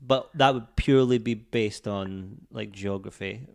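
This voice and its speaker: A Scottish comedian with a softened accent, chatting casually and dryly as a podcast guest, swearing now and then. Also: male voice, fairly low pitch, unhurried, creaky, dry recording. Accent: Scottish, toned down. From Scotland. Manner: relaxed, dry, swears casually.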